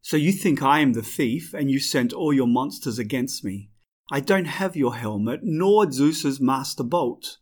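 A man's voice: mid-range voice, unhurried, close to an everyday voice. A man voicing a defiant, brave teenage demigod boy who speaks in an earnest, pleading way.

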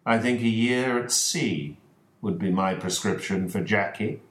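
A calm, precise detective with a low voice and a slow, measured delivery, as read by a male narrator. His pitch moves expressively, and the recording sounds roomy and echoing. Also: natural voice. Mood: explaining. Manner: measured explaining.

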